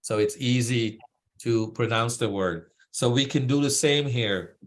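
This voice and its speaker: A man leads a devotional class through the pronunciation of Sanskrit verses. He talks patiently, slowing down to spell words out syllable by syllable and often checking in with his listeners. His pitch sits in an ordinary middle range. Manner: patient, breaks words into syllables, frequent "right?". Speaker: Sanskrit teacher.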